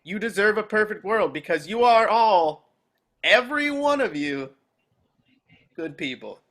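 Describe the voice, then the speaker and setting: A man's voice: high voice, expressive, measured pace, a bit bright. A man reading a chipper, nervous afterlife architect who rambles and stumbles while giving a speech over a video call.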